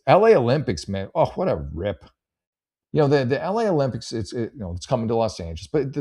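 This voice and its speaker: A man's voice: fairly low pitch, a little mellow. A man hosting a casual comedy advice show, rambling sarcastically with profanity and stammered restarts. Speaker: podcast host giving advice. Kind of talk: casual comedic advice chat, reading posts aloud.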